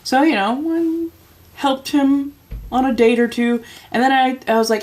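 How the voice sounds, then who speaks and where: A woman's voice: sits high, measured pace, darkish tone. A woman in her forties telling a long personal story in casual chat, laughing often and acting out the voices of the people in it. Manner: chatty, laughs often, acts out quoted voices. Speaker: livestream host.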